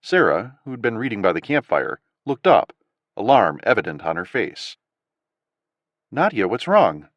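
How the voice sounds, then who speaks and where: Man, audiobook narrator, low voice, animated delivery, dry close sound. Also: moderate pace, dry recording, muffled recording. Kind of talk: scripted narration.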